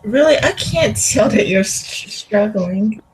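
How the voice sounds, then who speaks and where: A woman's voice: mid-range voice, expressive, slow, poor audio. A woman hosting a casual livestream interview, rambling with lots of fillers. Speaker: interview host.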